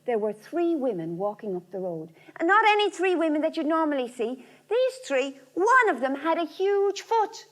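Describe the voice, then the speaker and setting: A woman telling a folk tale aloud, lively and rhythmic, repeating phrases. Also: high voice. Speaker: storyteller. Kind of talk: oral folk-tale storytelling.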